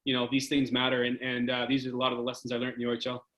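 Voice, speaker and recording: A man from Canada, a former hockey goalie, casually telling animated stories as a podcast guest. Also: mid-range voice, very fast, echoey room, rough recording. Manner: animated anecdote-telling, filler-heavy. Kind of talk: casual storytelling interview.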